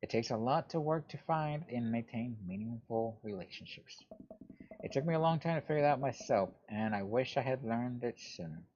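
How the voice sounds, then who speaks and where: A man's voice: mid-range voice, expressive, moderate pace, a little mellow, slight background noise. A man reading a game's narration and dialogue aloud, giving earnest fatherly advice, on a dull lo-fi recording. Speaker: let's play host.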